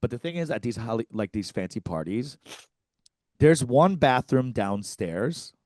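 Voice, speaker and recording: A man's voice: medium pitch, measured pace, no room sound, clean studio sound. A man co-hosting a comedy podcast, telling a story with lots of swearing and acted-out quotes. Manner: animated, profane, acts out quotes.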